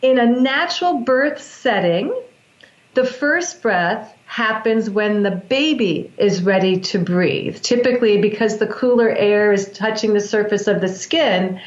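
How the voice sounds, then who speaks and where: A woman's voice: medium pitch, a little slow, muffled recording. Woman explaining breath work, roomy sound. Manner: earnest, flowing explanations with restarts. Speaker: guest, breath work practitioner. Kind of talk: explanatory interview talk.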